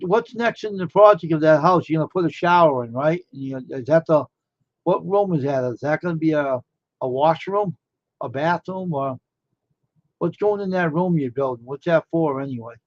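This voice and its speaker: A man's voice: fairly high pitch, no echo. Rambling, amazed man with a dull lo-fi sound. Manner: rambling, amazed, asking many questions. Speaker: live streamer. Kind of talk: casual live-stream chat.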